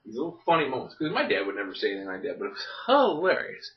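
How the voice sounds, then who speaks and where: A man's voice: medium pitch, huge pitch swings, racing, crowd noise. Folksy florida guy rambling thru a standup bit, kinda far off mic in a roomy, dull sounding room. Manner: rambling, folksy storytelling with frequent "okay?" asides. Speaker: stand-up comedian. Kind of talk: stand-up comedy monologue. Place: a home living room.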